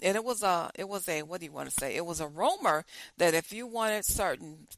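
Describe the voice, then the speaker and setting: A woman's voice: lowish voice, animated, a little fast, a little hiss or hum, low-quality recording. A woman hosting a talk show, musing aloud with lots of repeated questions and restarts. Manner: repetitive, questioning, rambling with many restarts. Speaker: host. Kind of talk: casual talk show monologue.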